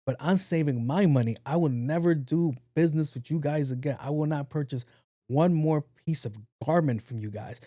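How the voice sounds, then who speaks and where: A man hosting a podcast in a casual monologue, talking low and evenly, blunt and profane. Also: normal speed, no echo, studio quality. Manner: low-key, talks in a low even voice. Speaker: podcast host.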